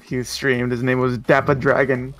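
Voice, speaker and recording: A man's voice: mid-range voice, level tone, moderate pace, fairly bright tone. A man chatting casually on a livestream, hesitant and often trailing off.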